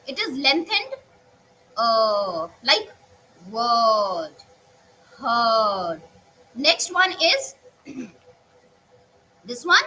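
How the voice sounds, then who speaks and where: Slow, high-voiced woman teaching pronunciation. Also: big pitch swings, pushed and bright, a little hiss or hum, rough recording. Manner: slow, repeating each sound, drawn out vowels. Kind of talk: pronunciation lesson.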